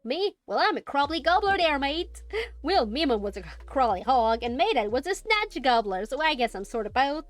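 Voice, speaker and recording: A woman's voice: high voice, sing-song, moderate pace, dry recording. A woman voicing a male spider-like merchant creature with an Australian accent and folksy sales patter. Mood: chummy.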